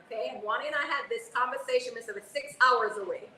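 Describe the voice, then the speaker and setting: A woman in her forties co-hosting a casual panel chat, an animated storyteller who keeps checking in with "okay?". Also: on the high side, fast talker, roomy sound, crowd noise, rough recording. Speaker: co-host.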